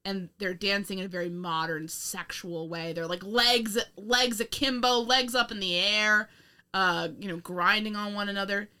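A woman's voice: mid-range voice, steady tone, moderate pace, pushed and bright, clean tone. A young woman co-hosting a casual film review chat, rambling, laughing often and swearing with sarcastic asides. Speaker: podcast co-host.

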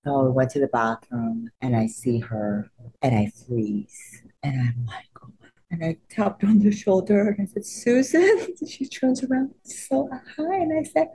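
A woman, not a native English speaker, telling stories as an interview guest, emotional and laughing often, acting out quotes in high excited voices. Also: unhurried. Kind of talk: animated storytelling in an interview.

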